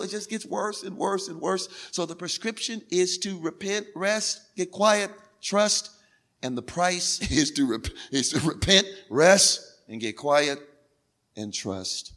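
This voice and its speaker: A male pastor preaching a sermon, repeating phrases insistently and building from quiet talk to crying out. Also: slow pace. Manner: swings from low and quiet to shouting, crying out.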